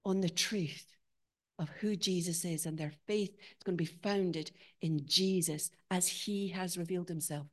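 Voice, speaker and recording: A woman preaching a sermon in church, rising to emphatic peaks and dropping to quiet, searching questions. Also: lowish voice, fairly even intonation, unhurried.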